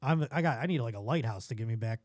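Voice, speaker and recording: A man's voice: mid-range voice, lively intonation, fast, a little mellow. A comedian from Buffalo, New York, telling a story as a podcast guest, acting out scenes in quoted voices and laughing as he goes.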